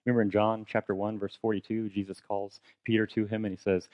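A man's voice: lowish voice, steady tone, moderate pace, no echo. A man preaching a sermon in a conversational way, posing rhetorical questions and retelling a story dramatically. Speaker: pastor.

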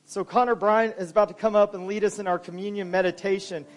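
A man preaching as pastor in a church, moving between soft, low passages and loud, emphatic ones. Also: steady tone, fast. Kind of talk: sermon.

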